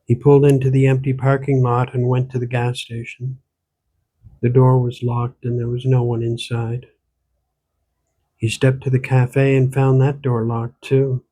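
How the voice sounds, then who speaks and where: A man, the author, reading his own gothic horror novel aloud in steady, measured storytelling. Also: mid-range voice. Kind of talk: audiobook narration.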